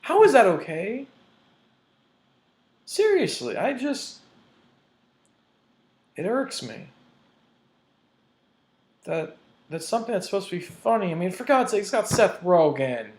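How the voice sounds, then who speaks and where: A man's voice: high-pitched, very animated, a little slow, long pauses, darkish tone, a little hiss or hum. A man ranting in a vlog, heated and profane, hammering his points with emphasis. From United States. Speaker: vlogger. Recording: roomy echo.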